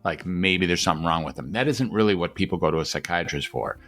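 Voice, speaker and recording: A man's voice: low-pitched, fast talker, fairly bright tone, faint music behind. A man who is a psychiatrist, speaking as a guest in a podcast interview, emphatic and rhetorical, repeating phrases for effect.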